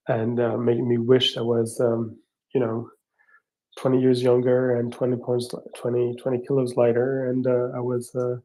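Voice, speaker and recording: Give me a non-native English-speaking man hosting a chat, mellow and warm in tone, halting with lots of fillers. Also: medium pitch, poor audio. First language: not English. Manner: rambling, halting, self-deprecating. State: tired, up at four in the morning. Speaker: host. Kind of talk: casual live audio-room chat.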